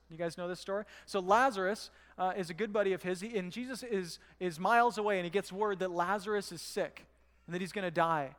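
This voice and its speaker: A pastor with a high, fairly bright voice preaches a sermon, speaking conversationally and putting rhetorical questions to the congregation. The church hall gives his voice a long reverb.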